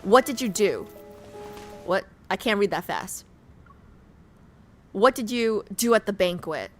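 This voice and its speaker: A young woman streaming a game, chatting casually and excitably, swearing and filling with "like". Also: medium pitch, takes it slowly, faint music behind. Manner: excitable, swears a lot, fills with "like". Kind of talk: casual gameplay commentary.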